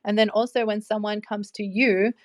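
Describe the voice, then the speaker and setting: A woman's voice: mid-range voice, flat delivery, normal speed, dry recording. A young woman talking casually about relationships, chatty, with many fillers and frequent laughs. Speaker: host. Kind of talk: casual advice talk.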